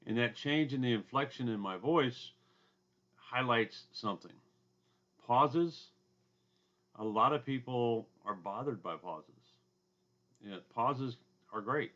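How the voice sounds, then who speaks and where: A man with a loud booming voice and a drawl, giving a casual recorded lecture from his home basement, with asides and throat clearing. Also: animated, slow, pauses often, highs cut off. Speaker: instructor.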